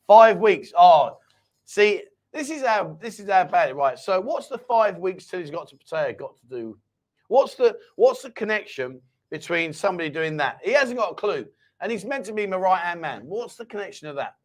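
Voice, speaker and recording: A man's voice: high voice, very animated, normal speed. A man hosting a casual live-stream chat show, teasing his co-host and reading viewer comments aloud.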